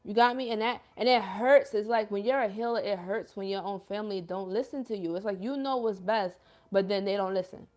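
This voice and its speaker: A woman's voice: medium pitch, fairly quick, darkish tone. A young woman hosting a livestream as a self-described healer, talking in earnest, emotional casual chat full of slang like "yo" and "y'all" while reading out viewer comments.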